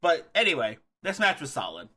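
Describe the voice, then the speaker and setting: A young man co-hosting a casual wrestling podcast chat, excitable, laughing often and swearing freely. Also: a little high, brisk. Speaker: podcast co-host.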